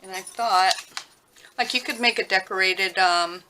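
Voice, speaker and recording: A woman talking casually while she works on a craft project at home, rambling and thinking out loud with lots of fillers. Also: mid-range voice, a little slow. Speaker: crafting vlogger. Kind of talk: casual craft tutorial chat. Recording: noisy with clicking sounds.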